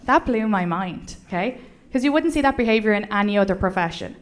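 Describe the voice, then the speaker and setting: A young Irish woman with an Irish accent doing a stand-up set on a club stage, talking in a dry, conversational way with animated punchlines. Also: medium pitch, fairly quick. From Ireland. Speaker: stand-up comedian. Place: comedy club stage with laughing audience. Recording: live club with clear background noise.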